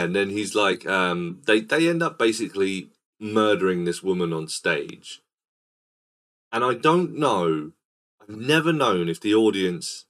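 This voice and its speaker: A man's voice: on the low side, fairly bright tone. A man hosting a casual film podcast, rambling and quizzical as he recaps a scene. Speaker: podcast host. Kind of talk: casual film-review chat.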